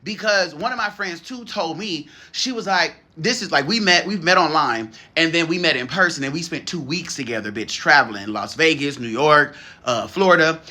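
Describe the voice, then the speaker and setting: A man giving a casual monologue as a spiritual coach, animated and sassy, swearing freely and laughing often. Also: fairly high pitch, moderate pace, few pauses.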